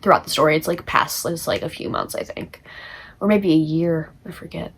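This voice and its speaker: A woman's voice: sits low, fairly even intonation, moderate pace, slightly rough. A teenage girl giving a casual, chatty book summary for a class project, full of fillers and laughter. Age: teens. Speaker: student.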